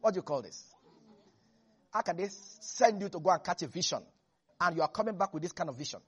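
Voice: mid-range voice, animated, fast talker, breathy edge. A preacher delivering a sermon in an emphatic style, repeating phrases and chuckling between points.

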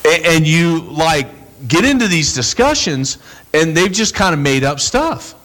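A man preaching a sermon as a pastor, casual and animated, acting out the people in his stories. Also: fairly high pitch, unhurried. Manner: animated, acts out quoted voices, bursts into shouts.

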